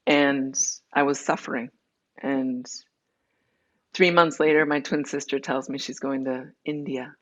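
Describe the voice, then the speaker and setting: A woman's voice: very deep voice, fairly even intonation, fairly bright tone, highs cut off. A woman being interviewed, telling her personal story candidly and acting out the dialogue as she goes. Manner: candid, tells her story in quick runs with acted-out dialogue. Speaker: interview guest.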